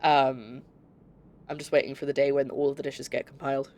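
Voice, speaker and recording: A woman's voice: rumbling low, flat delivery, fairly quick, a little mellow. A young woman from Scotland with a light Scottish accent, chatting casually and rambling as she streams a game and reads chat. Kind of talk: casual gameplay commentary.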